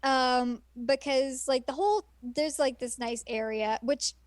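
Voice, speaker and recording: A woman co-hosting a casual podcast, talking eagerly and rambling through her thoughts with plenty of fillers. Her voice sits a little high. The sound is dry and close. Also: measured pace, no echo. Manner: enthusiastic, rambling, laughs often. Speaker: podcast co-host. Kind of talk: casual chat.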